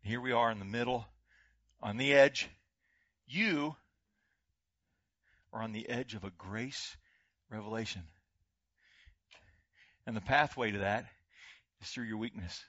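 Older male pastor, impassioned sermon, bright tense voice, dry dull sound. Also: on the low side, measured pace, pauses often, dry recording. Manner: impassioned, swings from loud exclamations to hushed prayer.

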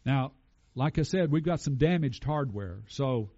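A man's voice: medium pitch, lively intonation, measured pace, warm tone, muffled recording. A man preaching a conversational sermon and asking his congregation questions. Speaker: pastor.

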